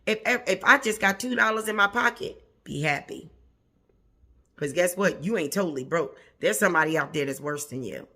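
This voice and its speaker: A woman's voice: fairly low pitch, animated, moderate pace, sharp tone. A woman who hosts a plant channel, talking casually and encouragingly to her viewers, repeating phrases for emphasis and chuckling often. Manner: chuckles often mid-sentence. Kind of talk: casual motivational talk to viewers.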